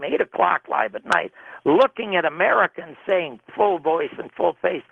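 A man recounting his time producing a television show, animated, and acting out the arguments he quotes. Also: a little high, gravelly, slightly rough, no echo. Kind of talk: recounting a story in an interview. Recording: tinny phone-line radio sound.

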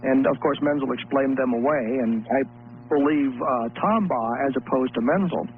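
A man speaking as a guest on a call-in radio show, earnest and halting, often restarting his sentences. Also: mid-range voice. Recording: tinny phone-line radio broadcast with hum.

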